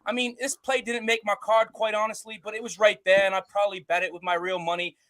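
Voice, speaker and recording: A cheeky young English lad with a put-on accent chats in slang, his voice high and bright, as a man on a podcast puts him on. He jokes along through it. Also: little pitch movement, fast talker. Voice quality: joking, slangy. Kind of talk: joking impression on a podcast.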